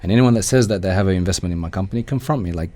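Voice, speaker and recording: Fast-talking Australian man, low voice. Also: warm tone, a little hiss or hum. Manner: fast, rambling storyteller who acts out quoted people. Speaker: guest, car rental business owner. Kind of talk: casual radio interview chat. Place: radio studio.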